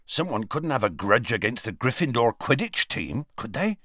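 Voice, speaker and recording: A man voicing a huge, anxious gamekeeper who talks in a hoarse growl. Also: mid-range voice, sing-song, normal speed, sharp tone, dry recording, studio quality. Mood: distressed. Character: huge gruff male half-giant gamekeeper, anxious.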